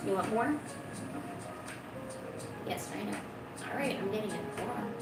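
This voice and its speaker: A woman's voice: mid-range voice, unhurried. A woman streaming from home while drawing, chatting casually with lots of fillers and stopping to coax her cat. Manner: rambling, filler-heavy, coaxing her cat. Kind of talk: casual chat. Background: lo-fi music.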